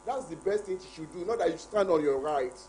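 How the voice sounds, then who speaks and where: A man's voice: high-pitched, brisk, a little mellow, a little hiss or hum. A man speaking as a guest on a live ministry program, sharing a story earnestly in plain conversational teaching.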